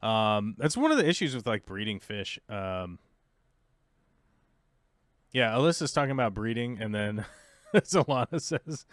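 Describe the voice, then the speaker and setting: A man's voice: mid-range voice, lively intonation, moderate pace, a bit bright, no echo. An American man hosting a livestream, chatting casually and rambling with lots of fillers as he reads viewer comments. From United States. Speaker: livestream host.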